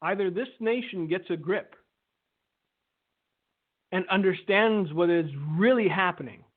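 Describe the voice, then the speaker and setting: Male ministry host, high pitch, earnest and emphatic, phone-quality audio. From Romania. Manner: earnest, emphatic, with pauses and restarts. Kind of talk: preaching commentary, reading a testimony aloud.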